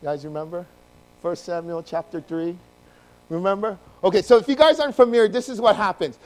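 A man preaching a sermon to his congregation, telling the story in an animated way and acting out the voices. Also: high voice, fairly quick, poor audio. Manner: addresses congregation directly. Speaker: pastor.

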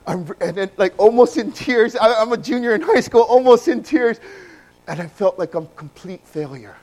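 Man, storytelling sermon, higher-pitched voice, loud-then-hushed delivery. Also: normal speed, poor audio. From Hawaii. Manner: animated, swings from loud bursts to hushed low passages.

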